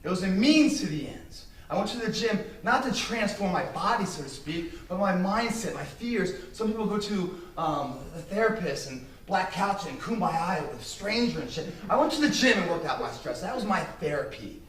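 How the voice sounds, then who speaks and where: A man's voice: sits high, big pitch swings, normal speed, hardly any pauses, a bit bright. A man giving a motivational speech to an audience, telling stories in a blunt, profane and emphatic way. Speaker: invited speaker. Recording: roomy sound from a distant mic, faint noise.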